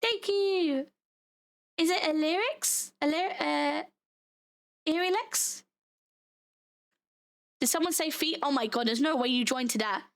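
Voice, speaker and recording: A young British woman chatting casually on a livestream, bubbly and giggly, her voice hoarse and giving out. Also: high voice, unhurried, long pauses. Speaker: VTuber streamer.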